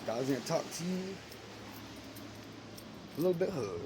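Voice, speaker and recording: A man talking about his beliefs in a casual, earnest monologue that turns suddenly loud and high at times. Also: very animated, a little slow, pauses often, background noise. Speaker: parent sharing personal beliefs.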